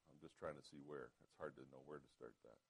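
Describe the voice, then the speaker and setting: A man preaching a sermon as pastor, reading scripture aloud and calling out "Amen?" to the congregation, swinging between quiet asides and loud emphatic passages. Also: a bass voice, fairly even intonation, fast talker, creaky, husky, rough recording.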